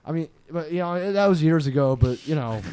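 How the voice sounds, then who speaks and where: A man's voice: a little high, animated, warm tone, clean tone. A man co-hosting a radio show in crude, casual banter, stumbling over and repeating words. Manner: halting, repeats words, drops his voice to trail off.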